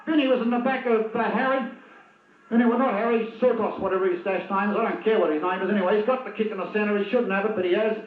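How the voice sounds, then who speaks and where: An Australian man giving live football commentary, excitable and openly biased toward one side. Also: high-pitched, quick pace. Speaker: match commentator. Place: at a football ground. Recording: tinny, echoey 1980s video tape.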